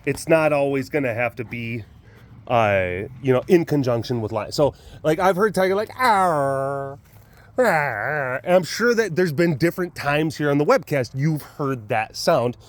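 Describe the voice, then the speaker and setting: With no room sound, a man's fairly high voice comes through at normal speed with lively intonation. He hosts the webcast for a big cat sanctuary where he's a keeper, and his outdoor talk to camera at the wild animal facility is chatty and rambling, full of restarts, frequent laughter and the odd animal imitation.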